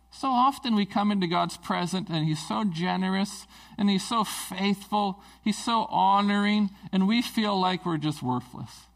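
A man's voice: high-pitched, expressive, measured pace, vocal fry. A male preacher giving a conversational sermon, asking his listeners rhetorical questions.

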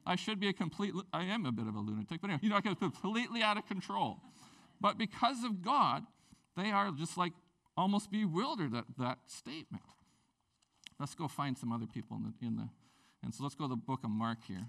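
A middle-aged man from Canada preaches a sermon, his voice sitting a little high and swinging widely in pitch. He tells stories with gusto, jumping into the voices of the people he quotes. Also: brisk, creaky. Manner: animated storytelling, acts out quoted voices with big pitch jumps. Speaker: pastor.

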